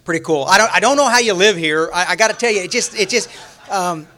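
An older Texan man speaks to a retreat crowd in a notably high voice. He talks in a folksy, rambling way, stumbles through restarts and fillers, and drifts into humorous stories. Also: fast, bright, forceful tone. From Texas. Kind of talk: rambling humorous storytelling talk. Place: room at a retreat, talking to a live audience.

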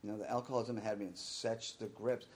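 A man's voice: fairly low pitch, fairly even intonation, fast, a little mellow. A middle-aged man telling his own recovery story in a candid, rambling way, sometimes acting out the voices of the people he quotes. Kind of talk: personal recovery talk.

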